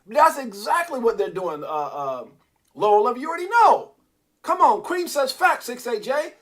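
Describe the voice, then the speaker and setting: A man's voice: very high voice, normal speed. A man hosting a crypto livestream, ranting casually and animatedly, drifting off on tangents and answering his chat. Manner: animated, digressive, talks back to the chat.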